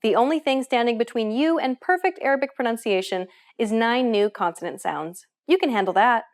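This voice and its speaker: A woman's voice: fairly high pitch, a little fast. A woman hosting a language lesson, giving scripted, encouraging explanations in an upbeat way.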